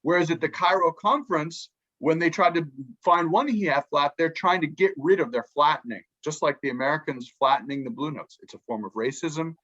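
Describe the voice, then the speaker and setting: A man, a podcast guest and book author, explaining music ideas in a lively way and acting out quotes from musicians. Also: fairly high pitch, fairly quick, few pauses, muffled recording. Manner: animated, acts out musicians' quotes, many restarts.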